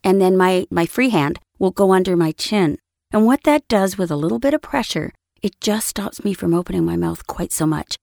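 A woman's voice: lowish voice, normal speed, creaky, darkish tone, no room sound. Woman coaching voice-over, dry close sound. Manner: conversational, explains with acted examples. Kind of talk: instructional talk on voice acting. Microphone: studio microphone.

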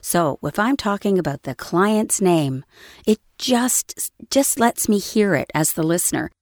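A woman coaching voice actors in an easy, conversational way, slipping into short acted examples to make her points. Her voice sits a little low, and the studio mic sounds close and dry with no room around it. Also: expressive, unhurried, no room sound. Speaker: voice-over coach. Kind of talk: instructional talk on voice acting. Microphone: studio microphone.

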